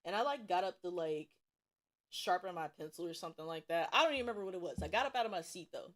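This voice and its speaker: A young woman from Cincinnati, streaming while she draws, tells school stories in a casual, profane, animated way with bursts of laughter. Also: fairly low pitch, fast. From Cincinnati, USA. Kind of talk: casual storytelling while drawing.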